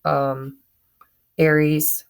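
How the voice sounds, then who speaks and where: A woman's voice: deep voice, level tone, extremely slow, vocal fry, clean tone. A woman giving a chatty tarot reading to her viewers, often stumbling and correcting herself as she goes. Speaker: tarot reader. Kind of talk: casual tarot reading to camera.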